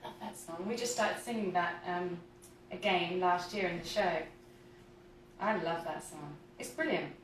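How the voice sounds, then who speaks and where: A woman's voice: fairly low pitch, normal speed, slight background noise. A woman in her thirties hosting a casual home cooking livestream. She chats, giggles and reads viewer comments aloud while baking. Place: home kitchen, indoors. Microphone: camera mic at a distance. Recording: roomy kitchen from a distant mic.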